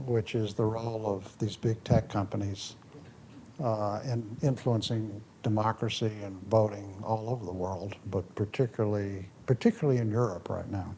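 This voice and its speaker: A man, a former ambassador, giving a public talk and answering questions, with lively storytelling and a restless manner. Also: on the low side, normal speed, a little hiss or hum. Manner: animated storytelling, restless, moves around.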